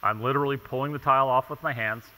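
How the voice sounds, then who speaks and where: A man's voice: medium pitch, fairly even intonation, racing, bright, forceful tone. Emphatic man lecturing in a reverberant hall. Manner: emphatic, rhetorical questions, frequent "okay?". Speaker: tile installation inspector presenting. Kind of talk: conference presentation. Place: large conference hall.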